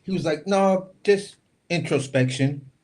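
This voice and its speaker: A man's voice: on the high side, a little slow, darkish tone. A man co-hosting a boxing talk stream, telling the story in casual chat and acting out the quotes. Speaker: boxing podcast co-host. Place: home studio, live stream.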